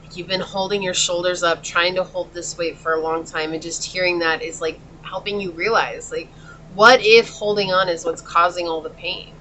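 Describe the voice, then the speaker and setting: Bright-voiced woman giving a consoling tarot reading. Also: fairly low pitch, steady tone, moderate pace, slight background noise. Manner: earnest, consoling, speaks straight to the viewer. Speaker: tarot reader. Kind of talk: pick-a-card tarot reading.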